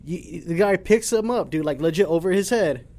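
A man co-hosting a podcast, telling stories in an excitable, slangy way. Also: high-pitched, moderate pace. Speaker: podcast co-host. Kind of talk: casual chat.

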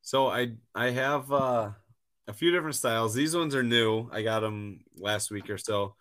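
A man guesting on a podcast, talking about his craft in a relaxed, easygoing way. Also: medium pitch, normal speed. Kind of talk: casual interview chat.

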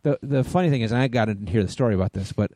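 A man co-hosting a podcast, telling a story in a lively, casual way and swearing freely. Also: medium pitch, racing, dry recording. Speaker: podcast co-host. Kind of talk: casual chat.

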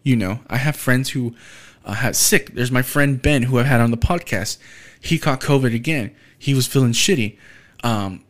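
A man's voice: mid-range voice, moderate pace. A young man from Texas hosting a podcast, delivering a blunt, profane solo rant. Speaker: podcast host.

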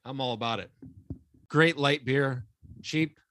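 A young man co-hosting a podcast who chats casually in an animated, teasing way and laughs often. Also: mid-range voice, slow pace. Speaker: podcast co-host. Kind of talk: casual chat.

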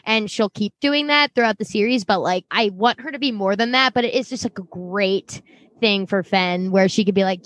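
A woman co-hosting a casual show recap, animated, swearing freely and laughing often. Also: mid-range voice, normal speed, dry recording. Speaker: podcast co-host, book reader.

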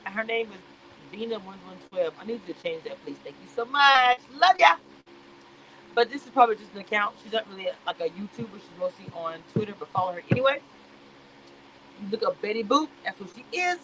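A woman giving sassy, animated reality-show commentary on a live stream. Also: mid-range voice, quick pace, slight background noise, rough recording.

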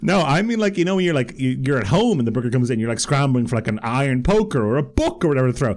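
A man's voice: medium pitch, very animated, fast, a little mellow. A man co-hosting a podcast in casual chat, making dry, wry comic asides. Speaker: podcast co-host.

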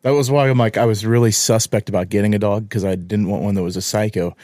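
Easygoing fast-talking man podcaster. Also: on the low side, steady tone, a little mellow, no echo, clean studio sound. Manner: easygoing, laughs often. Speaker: podcast co-host. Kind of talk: casual chat.

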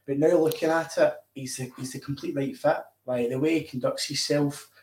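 A man's voice: a little high, steady tone, moderate pace, a little mellow. A man with a Scottish accent chatting about football on a podcast, often repeating words as he talks. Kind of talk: casual football chat. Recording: roomy echo.

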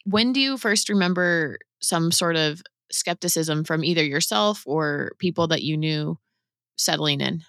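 Lower-voiced woman interviewer, dry sound. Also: unhurried, fairly bright tone, no echo. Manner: conversational, paraphrasing the guest. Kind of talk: interview questions.

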